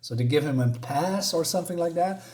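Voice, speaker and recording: A man casually reviewing a comic book, talking in a halting, rambling way with many restarts. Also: a little high, a little mellow.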